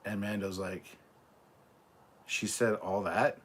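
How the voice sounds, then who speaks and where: A man's voice: fairly low pitch, fairly even intonation, slow, a bit bright, husky. A Scottish man hosting a casual live reaction stream, reading out viewer comments in a laid-back, chatty way and swearing freely. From Scotland.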